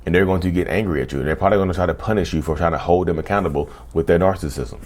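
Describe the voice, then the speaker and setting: A man's voice: sits low, rapid-fire, a little mellow. A man hosting his own channel, talking casually and repetitively to viewers, often saying "y'all". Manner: conversational, repeats himself, often says "y'all". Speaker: channel host. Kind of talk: casual talk to camera.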